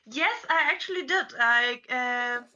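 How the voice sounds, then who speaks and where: A woman's voice: high voice, slow pace, bright, forceful tone, dull audio. A woman cosplayer with a non-native English accent, chatting on a convention panel and telling stories with lots of "like" fillers. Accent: non-native English speaker. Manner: chatty, storytelling, many "like" fillers. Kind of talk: casual chat.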